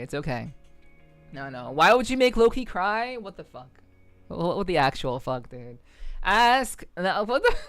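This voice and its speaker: A woman's voice: lowish voice, a bit bright, clear, resonant tone, no room sound. A woman VTuber streamer chatting casually with her viewers, repeating phrases and swearing offhand.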